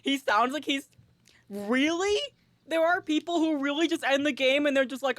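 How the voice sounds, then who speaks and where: A woman streamer giving casual, excitable and jokey commentary on a game, swearing often, on a close mic. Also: sits high, moderate pace, dry recording.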